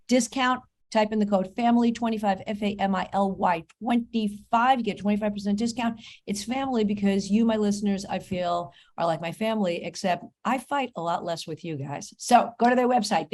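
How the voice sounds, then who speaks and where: A woman hosts her comedy podcast, talking in a loose, chatty way. She reads her own ads and drops quick self-mocking jokes between them. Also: medium pitch, a little mellow. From New York, USA. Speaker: podcast host. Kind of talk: casual podcast chat and host-read ads.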